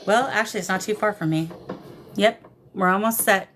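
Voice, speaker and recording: A woman's voice: medium pitch, fairly quick, a bit bright, a little hiss or hum. A woman hosting a paranormal livestream in casual chat, greeting viewers with affectionate pet names over a phone camera. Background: shamanic drumming.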